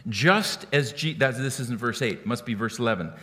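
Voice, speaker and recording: A man preaching a sermon in an animated way, often repeating words as he starts a phrase. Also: mid-range voice, moderate pace, in a large hall. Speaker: pastor.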